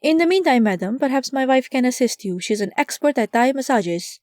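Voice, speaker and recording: A woman reading an audiobook, voicing a polite, formal male restaurant waiter in a dry, mellow tone. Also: high voice, animated, fairly quick, no room sound, pitched above the performer's own voice. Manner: formal, courteous.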